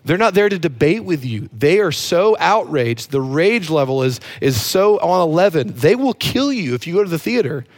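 A man preaching a sermon in an animated way, dropping low and quiet on key phrases. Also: normal speed, hardly any pauses. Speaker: pastor.

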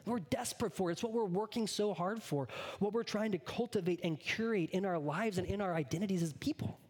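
Husky-voiced earnest pastor. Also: male voice, sits high. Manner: earnest, building to hushed whispers. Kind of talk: sermon.

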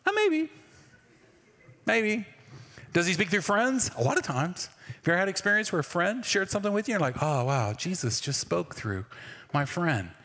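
Pastor, male, fairly high voice, chatty sermon delivery with questions to the room, long hall reverb. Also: sing-song, fairly quick, bright, forceful tone. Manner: conversational, asks the congregation questions.

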